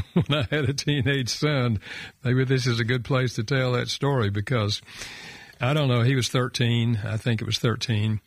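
Older man, gravelly, storytelling guest, reflective, folksy, dry sound. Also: mid-range voice, dry recording. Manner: reflective, folksy, with many fillers. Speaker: guest author and counselor. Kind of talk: personal storytelling on a radio talk show.

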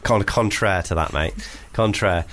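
A man's voice: deep voice, a little slow, very noisy. A man co-hosting a podcast, joking and rambling in casual banter. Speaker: podcast co-host.

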